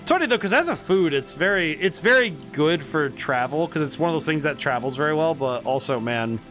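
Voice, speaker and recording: A man's voice: a little high, expressive, fairly quick, fairly bright tone, faint music behind. A man streaming a story game, giving casual commentary and musing aloud in a rambling way. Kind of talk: casual let's-play commentary.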